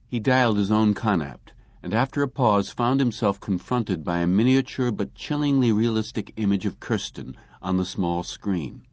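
Male audiobook narrator, low voice, dry close sound, measured story reading. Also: a little mellow, no echo. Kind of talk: scripted narration.

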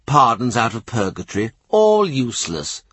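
A man's voice: medium pitch, wildly swooping pitch, normal speed, a bit bright, breathy edge, no room sound, full character voice. Storybook role: a zealous small priest, put on by a man, rapturous and preachy. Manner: ecstatic, self-assured preaching.

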